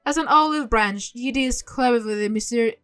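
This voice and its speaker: A woman's voice: on the high side, fast, fairly bright tone, smooth, lightly acted. A woman voicing a haughty, scheming villainess in a horse-riding game, reading the dialogue aloud in close to her own voice. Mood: falsely polite.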